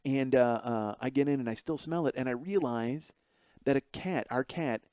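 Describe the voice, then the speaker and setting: A man's voice: mid-range voice, moderate pace, dark tone, dry recording. A man in his forties telling a rambling, self-mocking comic story as a podcast host. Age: 40s. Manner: rambling, self-mocking, acts out voices in anecdotes. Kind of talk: comedic storytelling monologue.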